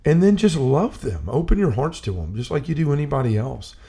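A man's voice: fairly high pitch, sing-song, brisk, dark tone, breathy edge. A man talking earnestly in a casual conversation about faith, telling stories and often restarting his sentences. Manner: earnest storyteller, restarts and repeats himself.

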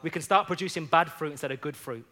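A man's voice: fairly high pitch, quick pace, pushed and bright. A man preaching in a church, telling personal stories in an earnest, conversational way, often saying "you know". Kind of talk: sermon with personal storytelling.

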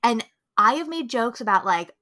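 This is a young woman in casual podcast chat, her voice sitting high with a bright, forward edge. She swings widely up and down in pitch as she talks. She swears easily and acts out what the characters say. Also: moderate pace. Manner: animated, profane, acts out characters' lines. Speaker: podcast co-host.

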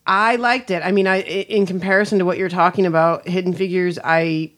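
A woman guesting on a casual film podcast, chatty and self-deprecating, thinking out loud about a movie. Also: fairly low pitch, fairly even intonation, brisk. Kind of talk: casual film review chat.

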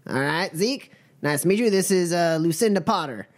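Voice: medium pitch, expressive, normal speed, voice pushed up, natural voice. A game master voicing an earnest recruiter for a puritan cult in a tabletop game role-play. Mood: welcoming. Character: earnest cult recruiter in plain white clothes.

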